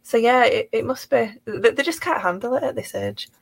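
A woman's voice: a little high, animated, moderate pace, gravelly, no room sound. A woman co-hosting a stream, chatting casually and giggling. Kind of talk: casual chat.

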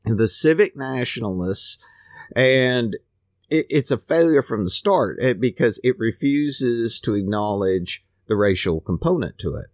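A man's voice: mid-range voice, expressive, a little slow, no room sound, clean studio sound. A man hosting a podcast, talking in a casual, rambling monologue that is full of restarts and repeated words. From United States. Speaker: podcast host.

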